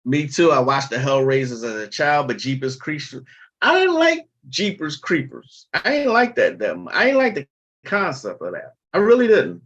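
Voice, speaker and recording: A man's voice: on the high side, very animated, moderate pace, fairly bright tone, dull audio. A man hosting a casual livestream, talking bluntly and chattily and swearing freely. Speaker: livestream host.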